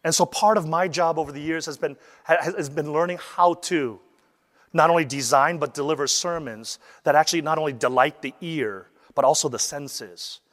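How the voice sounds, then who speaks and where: Man, high voice, animated lecture on preaching, long reverb. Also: normal speed. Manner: animated, acts out quoted voices. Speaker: preaching instructor. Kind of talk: lecture on sermon delivery.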